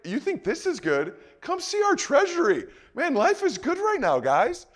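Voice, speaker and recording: A man doing a sick, desperate king whose voice jumps up high as he pleads. He speaks earnestly, begging for more time. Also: steady tone, normal speed, in a large hall, close to an everyday voice. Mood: boastful. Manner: earnest pleading, then showing off. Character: pleading sick old king, later boastful.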